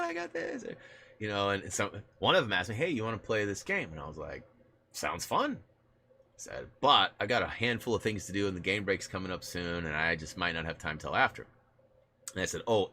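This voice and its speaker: A man's voice: low voice, bright, forceful tone, a little hiss or hum. A man hosting a casual live stream on a gaming headset, rambling with many restarts, laughing often and answering viewer chat.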